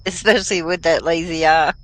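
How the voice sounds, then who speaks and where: A woman's voice: fairly low pitch, steady tone, moderate pace, a bit bright. A woman co-hosting in a laid-back, easygoing way and laughing easily.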